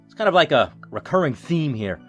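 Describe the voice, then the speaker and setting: Lively male game commentator, reads narration, jokey, faint music. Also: a little high, a little fast, highs cut off. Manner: jokey, emotional, reads aloud. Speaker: gaming YouTuber. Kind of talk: let's play commentary and narration.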